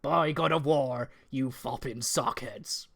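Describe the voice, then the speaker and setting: A man's voice: mid-range voice, takes it slowly, creaky, fairly bright tone, heavily acted. A man reading a friend's comic game review script aloud in a put-on West Country accent. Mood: mock-grand. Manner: amused, stumbling over mild fake swears. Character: absent male co-host read aloud, mock American-turned-West Country.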